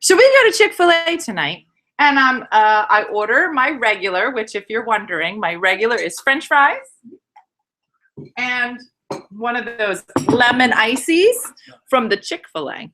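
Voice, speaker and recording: A woman's voice: fairly high pitch, measured pace. A woman comedian and show host telling a rambling, comic story to friends over wine in a living room. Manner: animated, rambling anecdote with asides.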